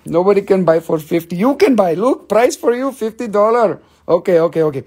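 A man's voice: sits high, lively intonation, brisk, darkish tone, voice pushed up. A man voicing a jokey, haggling gem dealer who speaks in broken English with teasing sales patter. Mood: playful haggling.

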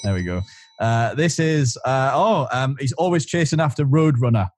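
A man's voice: medium pitch, expressive. Male co-host giving quiz clues, hesitant and filler-heavy. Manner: halting, many "uh" fillers. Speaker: podcast co-host.

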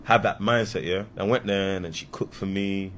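Low-voiced man reflecting. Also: brisk, slight background noise. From London. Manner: relaxed, reflective, casual slang. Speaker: interview guest. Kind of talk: reflective storytelling.

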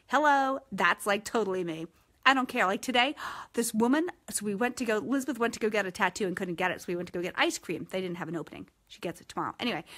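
Brash, frank woman host, slightly high. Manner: frank and profane, animated. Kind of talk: casual live-stream chat.

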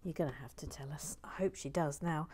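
Woman chatting on her stream, lowish voice, playful, keeps muttering quiet asides to herself. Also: fairly quick, slight background noise. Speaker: livestream host building a toy set. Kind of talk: casual livestream chat reading viewer comments.

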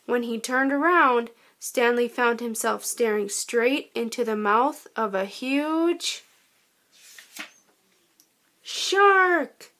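Woman reading a children's story, high light voice, gentle and expressive. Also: slow pace, hardly any pauses. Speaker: storybook narrator. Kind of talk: children's storybook read-aloud.

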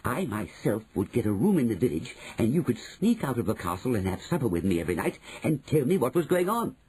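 A man reading an audiobook, voicing a shrewd, bold old grandmother who speaks slowly and knowingly. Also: medium pitch, big pitch swings, mellow, a little hiss or hum, natural voice, poor audio. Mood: eager. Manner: slow, measured and knowing.

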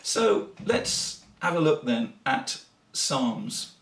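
A man's voice: mid-range voice, big pitch swings, drawn-out words, creaky, fairly bright tone. A man giving an earnest, explanatory teaching talk on worship music. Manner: earnest, explanatory, breaks into sung examples. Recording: echoey room from a distant mic, faint guitar.

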